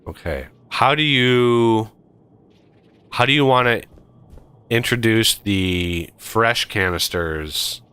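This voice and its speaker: A man's voice: on the low side, lively intonation, slow, bright, forceful tone, smooth. A man streaming a multiplayer game, casually thinking aloud and counting off steps as he builds. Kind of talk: casual multiplayer gameplay chat.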